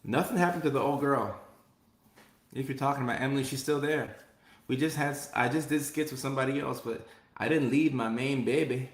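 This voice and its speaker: A man's voice: mid-range voice, fairly quick. Upbeat male comedian hosting a casual live chat, mid-range voice, repeats himself, recorded in an echoey room. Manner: upbeat, repeats phrases, reads chat aloud. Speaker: live stream host and comedian. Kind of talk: casual live stream chat, reading comments.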